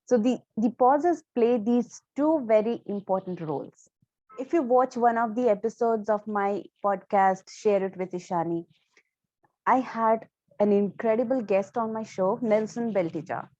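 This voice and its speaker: A fairly high-voiced woman gives a speaking lesson in a deliberate, emphatic way, leaning on key words and pausing on purpose. The sound is dry and a little dull, like a lo-fi recording. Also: darkish tone, dry recording. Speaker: speaking coach. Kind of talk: instructional talk to camera.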